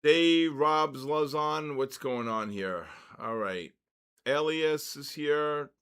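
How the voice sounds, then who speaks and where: A man's voice: fairly high pitch, slow, fairly bright tone, clear, resonant tone. An older man hosting a live trading session, chatting casually and greeting viewers by name in upbeat bursts. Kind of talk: casual live-stream chat.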